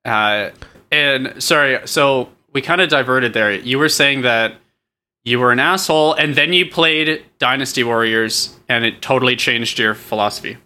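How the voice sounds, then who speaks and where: A young man co-hosting a casual comedy podcast, teasing with quick deadpan jokes. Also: medium pitch. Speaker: podcast co-host.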